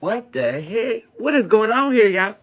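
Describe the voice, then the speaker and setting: A woman reading tarot on a live stream, excitable and exclaiming, talking to viewers as y'all. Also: mid-range voice, unhurried, lo-fi sound. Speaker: tarot reader.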